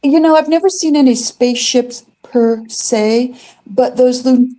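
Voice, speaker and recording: Woman, older, warm mellow tone, rambling chat, frequent restarts. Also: high voice, measured pace. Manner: rambling, many fillers and restarts. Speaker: guest. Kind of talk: casual storytelling chat.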